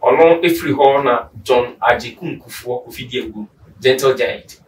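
Ghanaian male commentator, mid-pitched, long reasoned takes, distant roomy sound. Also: moderate pace, slight background noise. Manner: lengthy, reasoned explanations mixing in English. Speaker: social commentator guest. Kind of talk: explaining political views in chat.

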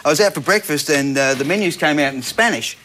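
A man on a comedy panel telling a travel anecdote in a halting, easygoing way with many fillers. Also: a little high, expressive, pushed and bright, slight background noise. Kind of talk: comic anecdote on a panel show.

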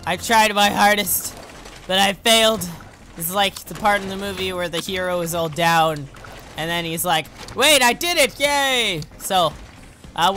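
A man's voice: sits high, slight background noise. A young man giving casual let's play commentary, talking himself through tricky jumps and yelping at every failure. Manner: excitable, yelps and shouts at fails; self-talking, rambling asides.

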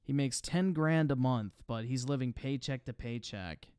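A male streamer riffs over clips in a mocking, sarcastic tone, cursing casually as he reads donations. His voice is smooth and resonant, recorded close and dry with no room sound. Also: medium pitch, normal speed, darkish tone, no room sound. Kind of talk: casual livestream commentary.

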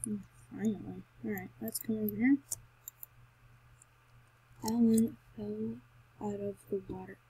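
A woman giving chatty commentary as she plays a game, excitable and talking to herself, with sudden loud, high outbursts. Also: a little slow, long pauses, husky, poor audio. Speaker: Minecraft let's player. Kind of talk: gameplay commentary.

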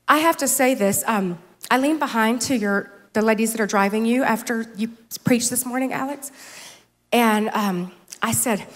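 A woman in her fifties giving a conference talk in a chatty, self-deprecating way, holding back tears as she tells funny personal stories. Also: fairly high pitch. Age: 50s. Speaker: conference speaker. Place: large hall with stage. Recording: long hall reverb.

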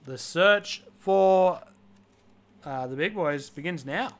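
A man's voice: a little high, slow. A man hosting a live card-breaking stream, listing player names one after another and dropping joking asides.

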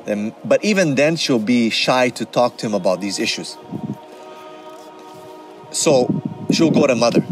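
A man speaking in a relaxed, conversational way about faith and family, his voice sitting at an ordinary middle pitch. He keeps checking in with his listeners and drops in religious terms as he goes. Music plays clearly underneath him. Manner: conversational, often asks "right?", mixes Arabic terms. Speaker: Islamic speaker and counselor. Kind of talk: casual religious talk.

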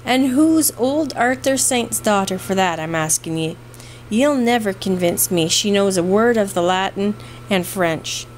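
A woman's voice: mid-range voice, lively intonation, a little slow, a little hiss or hum, lightly acted, poor audio. A woman voicing a fond, scolding old housekeeper with an Irish brogue, read in a storybook. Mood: coaxing.

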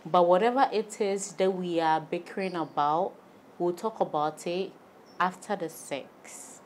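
A woman on a podcast panel who makes her points in an assertive, deliberate way. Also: lowish voice, a little hiss or hum. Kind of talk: casual panel discussion.

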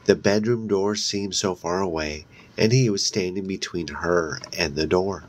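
A man's voice: low-pitched, slight background noise. A man reading a horror novel aloud in a casual way, with slips and restarts along the way. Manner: reads slowly, with slips and restarts. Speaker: audiobook reader. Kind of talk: casual read-aloud narration.

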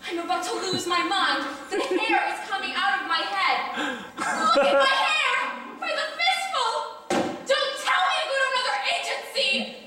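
A teenage actress playing a frantic, pushy woman who pesters a bank official, with shrill, insistent, melodramatic delivery in a live school stage play. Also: moderate pace, pushed and bright, a little hiss or hum. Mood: desperate. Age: teens. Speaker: high school stage actor. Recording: echoey hall from far off.

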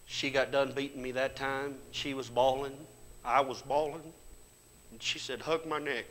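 A middle-aged man preaching a sermon in a church. He tells folksy stories in plain grammar and builds to loud, fervent exhortation. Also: mid-range voice, little pitch movement, a little slow, a little hiss or hum, poor audio. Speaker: pastor. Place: church sanctuary.

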